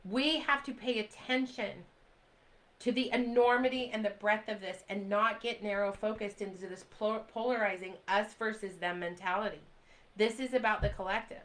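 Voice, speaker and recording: A woman's voice: mid-range voice, steady tone, normal speed, fairly bright tone, poor audio. A woman in her forties talking straight to her viewers in an urgent, pleading way, repeating phrases for emphasis and answering live comments as she goes. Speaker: livestream host. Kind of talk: impassioned direct-to-camera talk.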